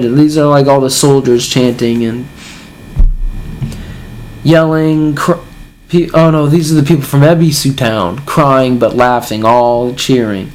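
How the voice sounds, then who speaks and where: A man's voice: medium pitch, takes it slowly. A man casually reading a comic chapter aloud and reacting, sighing and chuckling between remarks.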